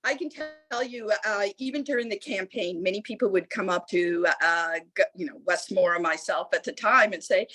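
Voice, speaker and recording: A middle-aged woman from the United States, a lieutenant governor speaking as a guest, telling a story with lively acted-out voices. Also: mid-range voice, normal speed. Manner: animated storyteller acting out quoted voices. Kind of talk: storytelling answer at a public talk.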